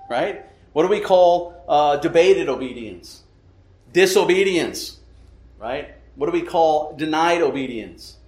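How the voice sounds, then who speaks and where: A man preaching a sermon, emphatic, often asking rhetorical questions and checking in with "right?". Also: fairly high pitch. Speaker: pastor. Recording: echoey room.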